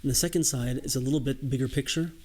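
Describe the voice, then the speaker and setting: A man's voice: mid-range voice, quick pace, mellow, rough recording. Earnest man preaching a sermon. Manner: earnest and emphatic, repeating phrases as he builds. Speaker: rabbi giving a holiday sermon.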